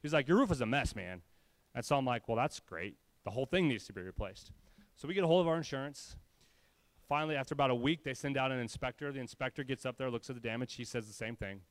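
A man preaching to his church, telling a personal story with animated, humorous quoted voices. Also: mid-range voice, fast, no room sound. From California. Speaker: pastor. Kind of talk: sermon storytelling.

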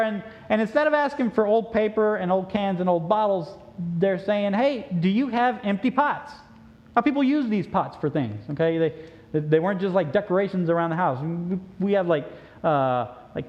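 Male preacher, high voice, lively storytelling sermon, dull lo-fi sound. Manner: animated, joking, storytelling. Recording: dull lo-fi recording.

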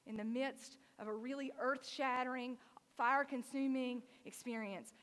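A woman's voice: on the high side, fairly even intonation, measured pace, fairly bright tone, in a large hall. A woman pastor preaching a sermon, telling stories with animation and frequent use of "like".

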